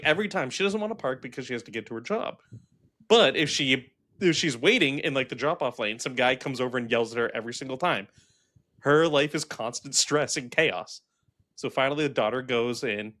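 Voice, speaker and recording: A young man co-hosting a casual movie review chat, animated and acting out quotes from scenes. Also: mid-range voice, fairly quick. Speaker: movie review podcast co-host.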